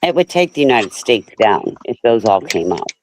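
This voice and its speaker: A woman's voice: extremely low pitch, very animated, moderate pace, darkish tone. Female host, chatty and casual, group chat.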